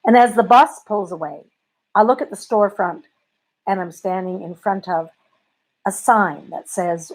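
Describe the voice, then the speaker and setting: A comic storyteller from Canada, telling a bedtime story in a wry, conversational, self-deprecating way. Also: female voice, mid-range voice, a little slow.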